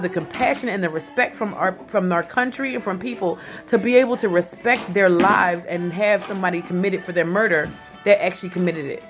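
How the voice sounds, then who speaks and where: A woman in her forties talking in a casual commentary vlog, animated and chatty, often laughing as she speaks. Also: mid-range voice. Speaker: vlogger.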